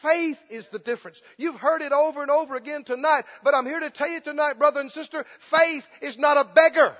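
A man preaches with fervor in a very high voice, swinging between hushed, whining imitations of someone begging and loud, bold proclamations. His voice rings through a church hall with a long reverb tail. The recording sounds muffled and lo-fi. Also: steady tone, a little fast. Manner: impassioned, mimics pleading beggars in a whimper. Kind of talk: sermon.

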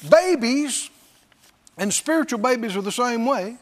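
Speaking unhurriedly in a very high voice, a male preacher delivers a lively sermon. Frequent laughter punctuates it, and he mimics the voices of those he quotes.

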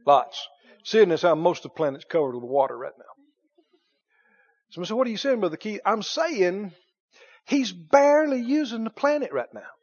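A man preaching a sermon in a folksy way, dropping to hushed lines and rising to loud exclamations. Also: sits high, animated, moderate pace, pauses often. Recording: dull lo-fi sermon recording.

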